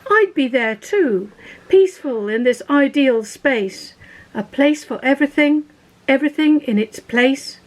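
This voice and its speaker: Woman poet, high voice, very slow measured reading over a video call. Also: animated, low-quality recording. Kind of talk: poetry reading.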